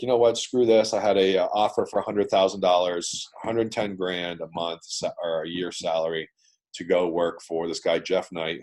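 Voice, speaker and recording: Deep-voiced blunt man telling his story. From Canada. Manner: blunt, profane, swaps in "man" and "dude". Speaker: guest entrepreneur. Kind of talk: casual storytelling interview. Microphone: video call.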